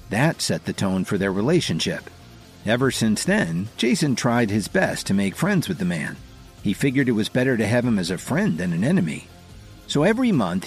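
Male narrator for a scripted drama story, husky, low-pitched, lively intonation, faint music behind. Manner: steady storytelling delivery.

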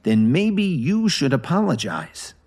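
A man voicing a calm young husband who speaks coldly and sarcastically. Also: fairly high pitch, takes it slowly, husky, pitched above the performer's own voice, heavily acted. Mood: cold menace. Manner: sarcastic, cold, threatening.

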